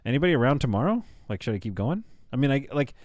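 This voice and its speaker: A man's voice: mid-range voice, sing-song, fast talker, darkish tone, dry recording. A man in his thirties chatting casually on a live stream, tired from staying up all night, joking and rambling to his viewers. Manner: joking, rambling, talks to chat.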